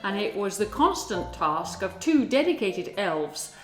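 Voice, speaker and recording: A woman reading a children's storybook aloud in a slow, expressive, deliberate manner. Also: mid-range voice. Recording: echoey room with music behind.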